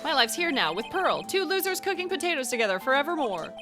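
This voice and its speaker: A brash, whiny young slacker, voiced by a woman with a lively, swinging delivery that sounds defensive. Game music plays clearly under him. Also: sits high, fast, voice pushed up. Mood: sulky. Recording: game music playing behind.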